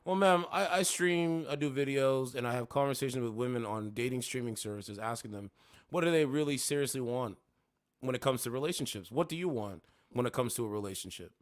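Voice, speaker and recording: A man's voice: medium pitch, a little fast. A man streaming casual chats with women on a dating app, talking bluntly and confrontationally with plenty of profanity. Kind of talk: casual livestream chat.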